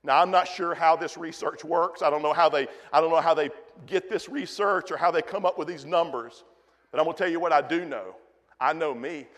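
A pastor delivering a folksy, emphatic sermon, repeating key phrases for weight, recorded in a church sanctuary. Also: male voice, a little high, brisk, fairly bright tone, big-room sound. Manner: folksy, emphatic preaching with repetitions.

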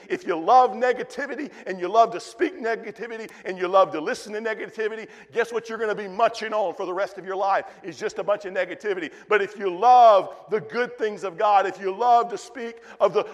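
A pastor delivering a folksy, emphatic sermon, repeating key phrases for weight, recorded in a church sanctuary. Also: male voice, sits high, in a large hall. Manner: folksy, emphatic preaching with repetitions.

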